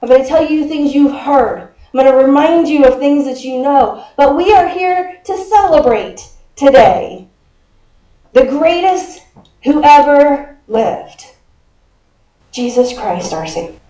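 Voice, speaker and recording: A woman's voice: high voice, animated, slow, warm tone. Chatty woman pastor in an echoey sanctuary. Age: 50s. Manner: chatty, quizzes the congregation, laughs often. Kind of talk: conversational sermon. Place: church sanctuary.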